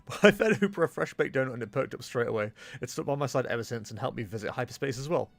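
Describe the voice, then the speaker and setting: A man's voice: medium pitch, animated, fast talker, gravelly. A man reading the lines of a shy, polite young girl in his own voice, earnest and formal. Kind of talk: reading game dialogue aloud.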